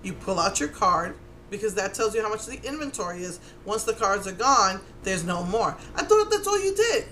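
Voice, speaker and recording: A middle-aged woman with a New York Puerto Rican accent, telling a story in a casual, animated way and acting out what people said. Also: medium pitch, normal speed, slight background noise. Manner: animated, exasperated, acts out quotes. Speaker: vlogger.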